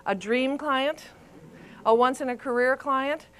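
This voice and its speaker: A woman in her fifties gives a live lecture as a speech therapist, her voice sitting a little high. She talks in a chatty, storytelling way, often turning to ask the room questions. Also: a little slow, fairly bright tone, clear, resonant tone. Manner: chatty, storytelling, quizzes the audience. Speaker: speech therapist presenting a continuing-education course.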